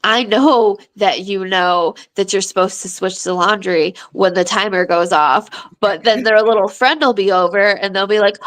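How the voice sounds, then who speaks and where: A woman's voice: mid-range voice, normal speed, hardly any pauses, fairly bright tone. A middle-aged woman co-hosting a stream, telling stories about her kids in casual chat with laughter and emphasis.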